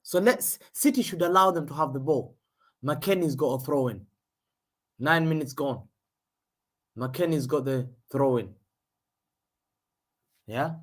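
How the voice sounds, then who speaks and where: A man hosting a live football watchalong, calling the play and chatting, excitable and slangy, repeating himself as the action unfolds. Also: a little high, unhurried, long pauses. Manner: excitable, slangy, repeats phrases, jumps between play-by-play and chat. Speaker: fan host of a live match watchalong.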